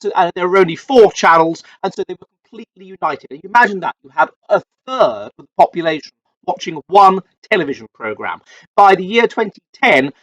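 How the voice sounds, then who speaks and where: A man's voice: sits high, fairly bright tone, no room sound, low-quality recording. A man from England, hosting a solo commentary stream, rambling with many fillers and restarts. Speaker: host.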